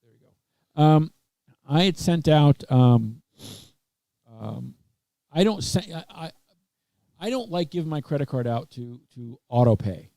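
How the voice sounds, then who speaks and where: Rambling, halting male webcast host. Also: on the high side, lively intonation, creaky, mellow, dry recording. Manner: rambling storyteller with many fillers and restarts. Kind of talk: casual chat. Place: Texas.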